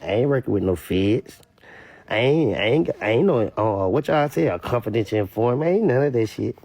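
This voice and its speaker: A man's voice: medium pitch, expressive, brisk, darkish tone, no echo. A man with a Louisiana accent giving blunt, emphatic, repetitive commentary in a casual rant. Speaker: online commentator.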